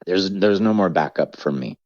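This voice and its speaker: A man's voice: sits low, expressive, normal speed, a little mellow, dry recording, lo-fi sound. A middle-aged man, a comedian, speaking candidly in a podcast conversation, reflective and rambling, acting out quoted voices. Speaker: comedian guest.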